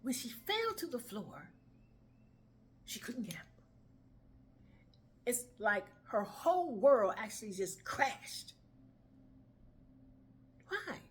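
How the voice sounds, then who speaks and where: A woman's voice: a little high, takes it slowly, long pauses, slightly rough. A woman telling a dramatic story aloud, acting out the dialogue and dropping into whispers. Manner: expressive, acts out dialogue, drops to whispers.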